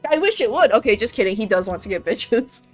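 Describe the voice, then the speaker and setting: A woman's voice: fairly high pitch, very animated, quick pace. Slangy, giggly young woman streamer. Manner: chatty, joking, slangy, laughs often. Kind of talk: casual let's-play commentary, reading a visual novel aloud. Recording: faint music behind.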